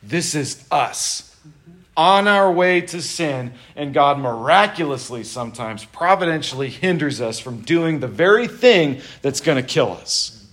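A man's voice: on the high side, animated, measured pace, a bit bright. A male pastor preaching a sermon in church in a conversational, informal storytelling manner.

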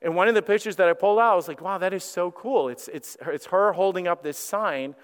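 A man's voice: sits high, fast, clean tone. A man preaching a sermon as pastor, talking candidly and conversationally, often restarting his sentences. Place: church sanctuary. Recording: church hall reverb.

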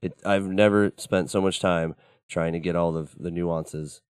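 A man with a very low, smooth, resonant voice talks casually as a studio guest. He rambles in a laid-back way, full of fillers and the odd swear word. The sound is dry and close. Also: steady tone, measured pace, darkish tone, no echo. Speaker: band member guest. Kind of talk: casual interview chat.

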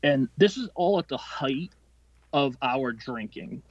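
Here the same kind of podcast guest, a man in his late twenties, sounds mid-range and animated on a lo-fi recording. His casual story is long and profane, full of rambling and restarts, told with a quick temper.

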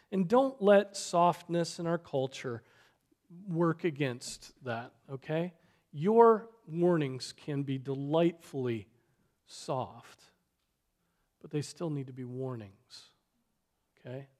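A man preaching a sermon, earnest, swinging between loud exhortation and soft, quiet asides. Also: on the high side. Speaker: pastor.

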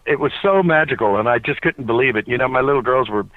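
A man recounts a story with animated energy, stopping often on "uh" as he goes. The sound is dry and squeezed through a thin, tinny phone line. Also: medium pitch, quick pace, dry recording. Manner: animated storyteller, frequent "uh" fillers. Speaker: podcast guest. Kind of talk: casual anecdote telling. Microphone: cell phone.

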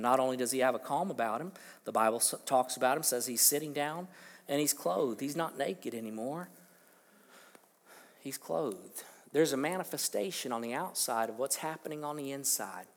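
A man preaching a sermon as pastor, emphatic, swinging between quiet and loud, asking rhetorical questions. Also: mid-range voice, long reverb tail. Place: church sanctuary.

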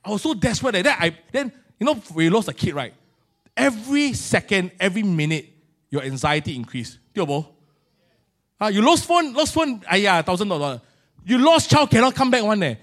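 A middle-aged man with a Singaporean English accent preaches a sermon, telling a story with animated swings in loudness and Singlish particles. His voice sits high, and he speaks at normal speed.

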